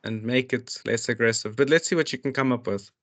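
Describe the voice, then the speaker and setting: Here a male tutor speaks a little fast in a slightly bright, mid-range voice. Reading workbook questions out loud, he explains each one in turn, restarting often and leaning on fillers as he guides his students.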